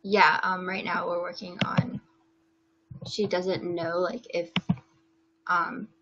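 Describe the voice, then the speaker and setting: A woman's voice: lowish voice, flat delivery, slow, a bit bright. A young woman from the American East Coast, a guest on a livestream video call, talking hesitantly with many fillers. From United States, East Coast. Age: young adult. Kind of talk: casual video call chat. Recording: dull lo-fi video call audio.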